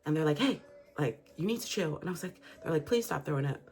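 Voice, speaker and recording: Low-voiced candid woman vlogger. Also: lively intonation, fast talker, darkish tone. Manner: candid and profane, acts out quotes. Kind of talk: casual storytelling to camera.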